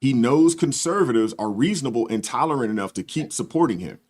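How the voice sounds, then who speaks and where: A man hosting a live stream, casually reading viewer comments aloud and chatting in a relaxed, agreeable way. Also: medium pitch, fast talker. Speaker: host.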